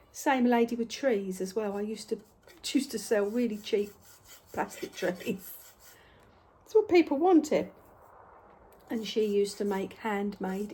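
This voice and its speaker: Husky, mellow woman chatting. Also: mid-range voice. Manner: chatty, anecdotal, sometimes drops to a whisper. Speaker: crafter. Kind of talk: casual storytelling while painting.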